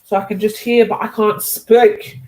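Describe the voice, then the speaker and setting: A young woman hosting a live stream, chatty and animated, laughing easily. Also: medium pitch, normal speed. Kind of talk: casual chat.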